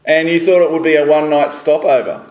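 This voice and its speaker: A man hosting a church teaching series and interviewing a costumed guest in a measured presenter manner. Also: fairly high pitch, steady tone, darkish tone. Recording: roomy echo.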